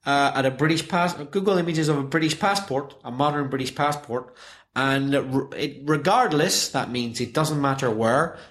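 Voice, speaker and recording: A man's voice: medium pitch, normal speed, fairly bright tone. A man from Northern Ireland with a Northern Irish accent, co-hosting a casual chat and explaining things patiently with frequent fillers. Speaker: podcast co-host.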